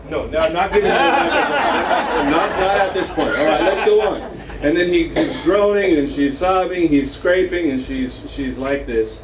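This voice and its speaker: A man's voice: mid-range voice, expressive, normal speed. Casual male Bible teacher, joking scripture reader, distant mic in a roomy meeting hall. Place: meeting room with a small group. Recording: roomy echo, from afar, faint noise.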